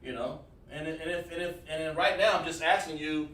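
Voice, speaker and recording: A man's voice: on the high side, a little fast, a bit bright. A man teaching an online lesson, coaxing students with repeated questions. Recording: echoey room, far from mic.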